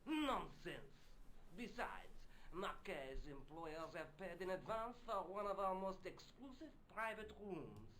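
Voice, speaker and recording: An actor playing a haughty, rule-bound hospital doctor in a video game. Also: male voice, sits high, big pitch swings, slow pace, fairly bright tone, heavily acted. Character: stern, haughty hospital doctor, male, middle-aged.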